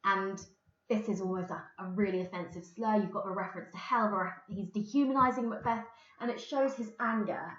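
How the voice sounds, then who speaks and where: A woman's voice: mid-range voice, a little fast, a bit bright. English lady teacher explaining a play, echoey room, kinda dull lo-fi sound. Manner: explains and reads quotations plainly. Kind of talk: recorded remote lesson.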